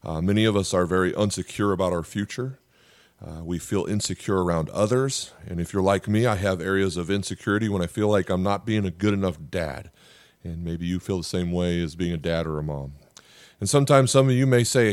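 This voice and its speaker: A man's voice: deep voice, fairly quick, darkish tone, no room sound. A middle-aged man, a pastor and podcast host, giving a sermon in an earnest, conversational way, with frequent "uh" fillers and restarts.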